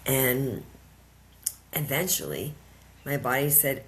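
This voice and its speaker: A woman with an unusually deep voice shares a personal story as a podcast guest. She talks earnestly, circling back with emphatic repeated phrases, and a faint hiss sits under her voice. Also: moderate pace. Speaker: podcast guest, empowerment coach.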